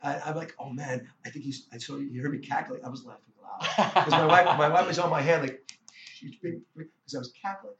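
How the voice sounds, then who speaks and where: A middle-aged man, a guest musician, telling a story in a casual interview, animated and full of restarts and stammers. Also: on the high side, brisk, gravelly, slight background noise. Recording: roomy, dull lo-fi sound.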